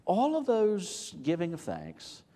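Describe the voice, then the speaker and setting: A man preaching a sermon as pastor, animated, asking rhetorical questions and repeating words as he builds his point. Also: high-pitched, slow.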